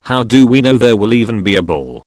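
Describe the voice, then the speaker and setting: A male text-to-speech voice reading a weary older king's lines in a flat synthetic way. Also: fairly low pitch, a little fast, dry recording, studio quality.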